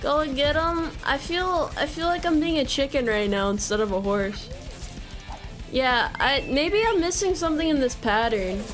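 A woman's voice: high voice, animated, moderate pace. A woman streamer giving casual, jokey commentary while playing a video game, swearing, laughing and yelping in panic. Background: game music.

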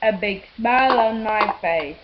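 A woman's voice: mid-range voice, unhurried, highs cut off, very noisy, natural voice. A woman narrating a rhyming storybook in the voice of a boastful man who chops down trees. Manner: boastful, sing-song rhyming. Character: boastful male tree-chopping builder, narrating.

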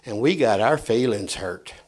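A man preaching a fiery sermon in a church, swinging between loud shouts and quiet asides. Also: on the low side, lively intonation, moderate pace, breathy edge. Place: church sanctuary.

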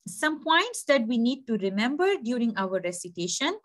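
Woman teaching recitation, patient and slightly high. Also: very animated. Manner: patient, explanatory, demonstrates pronunciations slowly. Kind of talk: tajweed lesson.

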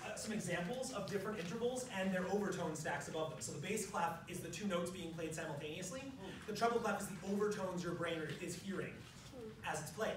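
Guy teaching a music workshop from far off the mic, big echoey room, piano in the background. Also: high-pitched. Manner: explains step by step, demonstrating on piano. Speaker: music education workshop presenter. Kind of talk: workshop lecture. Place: large room at a professional development session.

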